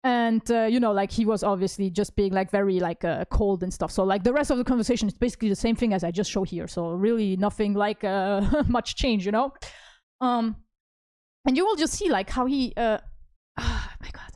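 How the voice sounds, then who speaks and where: A woman's voice: mid-range voice, moderate pace, a little mellow, no echo, studio quality. A woman streaming as a vtuber, talking casually and rambling with lots of fillers and restarts. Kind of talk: casual stream talk reading chat messages.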